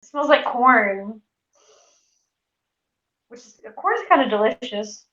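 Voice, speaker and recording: Here the streamer, a woman in her 40s, speaks slowly with lively intonation, her voice on the high side and a bit bright. She keeps up casual, profane, self-deprecating chat while cooking at home. Expect echo and dull, lo-fi sound.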